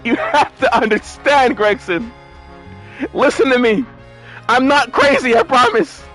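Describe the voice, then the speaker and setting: A man voicing a panicked man who pleads loudly that he is from the future, in a comedic game playthrough. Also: very high-pitched, expressive, measured pace, faint music behind, voice pushed up, exaggerated voice. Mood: frantic pleading. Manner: panicked, pleading, shouting warnings. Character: frantic man shouting he is from the future.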